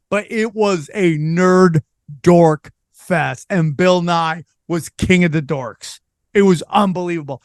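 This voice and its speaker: Podcast host, male, high voice, dry close sound, lively storyteller who acts out quotes. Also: slow, clean tone, no room sound. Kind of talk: casual storytelling chat.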